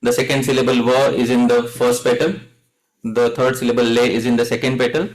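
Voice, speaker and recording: A man leading a devotional class, speaking at an ordinary middle pitch. He keeps turning questions to his listeners, calling them dear devotees, and leads chants for them to repeat. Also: flat delivery, a little fast, rough recording. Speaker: devotional teacher. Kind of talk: devotional lecture with call-and-response chanting.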